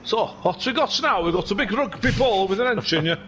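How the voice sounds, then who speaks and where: A man with a high, lively voice commentates a live sim race in a put-on North Welsh accent, cracking jokes and wandering off into asides. His pitch swings widely, and there is faint noise behind him. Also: fairly quick, highs cut off. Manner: joking, rambling asides.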